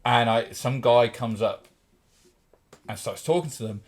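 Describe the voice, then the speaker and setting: A man's voice: mid-range voice, unhurried. A man co-hosting a podcast, telling a story in casual chat, swearing and laughing as he goes. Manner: swears freely, laughs through his own story. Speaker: podcast co-host.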